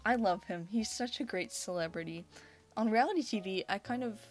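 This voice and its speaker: A young video creator rambles casually through a ranking video, gushing and chatting with a constant stream of "like." She speaks briskly in a medium-pitched voice, with faint music playing behind her.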